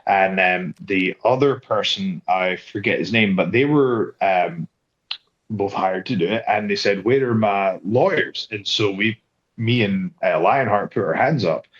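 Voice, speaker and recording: A man as an interview guest, spinning a story with lively energy and slipping into quoted voices. His voice sits fairly low. The recording sounds a little muffled and lo-fi. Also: unhurried. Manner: animated, acts out quoted voices, frequent restarts. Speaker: guest wrestler. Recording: slightly dull lo-fi sound.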